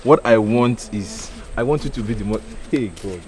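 A man's voice: lowish voice, normal speed, noisy background, close to an everyday voice. An actor playing an eager man wooing a woman, coaxing and stammering, with Nigerian Pidgin in his speech.

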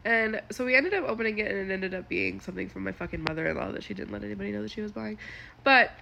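Chatty woman with a gravelly, bright voice. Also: medium pitch, slight background noise. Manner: chatty and profane, quick to laugh. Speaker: storyteller. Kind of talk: casual storytime.

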